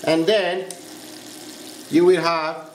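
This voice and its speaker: A man's voice: fairly high pitch, flat delivery, very slow, echoey room, a little hiss or hum. A man with a French accent, a pastry chef giving a step-by-step cooking demonstration in a kitchen. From France. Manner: instructive, step-by-step, checks in with "huh?".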